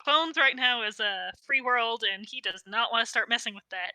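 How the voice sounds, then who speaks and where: A woman running a tabletop role-playing game as game master, explaining rules and outcomes in a measured, wry way. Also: fairly high pitch, bright, forceful tone, no echo, low-quality recording.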